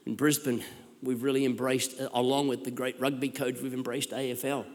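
An Australian man preaching a sermon as pastor, with energetic, exclamatory delivery and repeated calls to the congregation. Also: medium pitch, brisk. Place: large church hall. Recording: long hall reverb.

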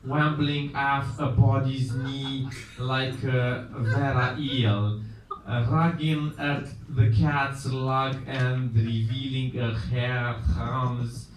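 A man on a live show panel, reading aloud haltingly. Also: mid-range voice, steady tone. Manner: slow, stumbling reading. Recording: echoey room, from far off with faint noise.

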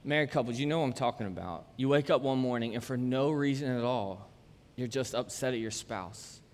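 A man's voice: medium pitch, fairly quick, a little mellow. A man, preaching a casual, conversational sermon full of jokes and chatty asides. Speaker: pastor. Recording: long church-hall reverb.

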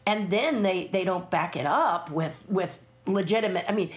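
A woman's voice: mid-range voice, lively intonation, normal speed, hardly any pauses. An older woman, a puppeteer and sculptor, telling stories from her career in a casual interview, acting out the voices of the people she quotes.

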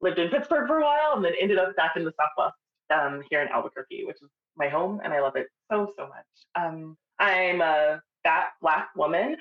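A woman in her thirties from Texas, co-hosting a podcast and talking about herself in an unhurried way. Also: fairly low pitch, expressive, roomy sound, highs cut off. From El Paso, Texas. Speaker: podcast co-host. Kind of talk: casual podcast chat.

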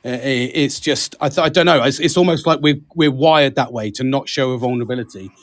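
A man's voice: mid-range voice, brisk, no echo, studio quality. A British man hosting a casual podcast, chatty, laughing often and calling his co-host mate. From Britain.

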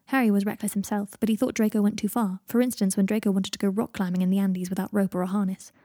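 A woman reading a story aloud in a calm, even way, with a husky voice. Her tone is dark and mellow. She is recorded close up and dry. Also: mid-range voice, quick pace, no room sound. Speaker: audiobook narrator. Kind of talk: fan fiction audiobook reading.

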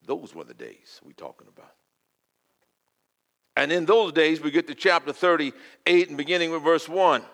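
An older man preaching a sermon, swinging from loud, fervent declaiming to quiet, intimate asides. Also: a little high, sing-song, normal speed, pauses often.

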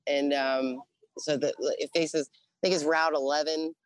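Low-voiced woman telling a salty story. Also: measured pace, no echo. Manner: profane, animated, acts out quoted dialogue. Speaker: interview guest, Navy veteran. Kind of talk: casual storytelling.

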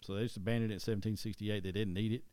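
A deep-voiced man with an East Tennessee Southern accent talks history casually, like a podcast co-host. He rambles, restarts his sentences and corrects himself as he goes. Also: fairly even intonation, racing, a little mellow, no room sound.

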